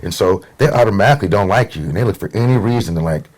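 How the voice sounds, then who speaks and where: A man's voice: lowish voice, animated, racing, darkish tone. A middle-aged man from Portland, Oregon, telling stories as a guest in a casual conversation and acting out the voices of people he quotes. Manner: easygoing storyteller, acts out quotes.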